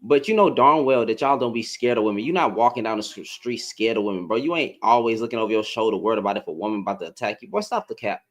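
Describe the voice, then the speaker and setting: A man's voice: lowish voice, quick pace, hardly any pauses, fairly bright tone. A man speaking, hosting a livestream in a heated, confrontational, slangy rant. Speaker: live-stream host.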